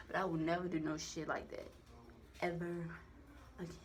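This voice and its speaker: A young woman telling a personal story to the camera in a candid, profane, animated way, acting out the voices in her quotes. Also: lowish voice, normal speed, slight background noise. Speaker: vlogger. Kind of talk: casual storytime monologue.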